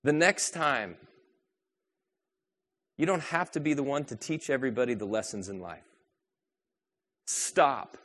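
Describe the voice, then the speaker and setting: A man preaching a sermon, asking rhetorical questions and moving between a soft, low delivery and a raised, urgent one. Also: animated, measured pace, long pauses. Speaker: pastor.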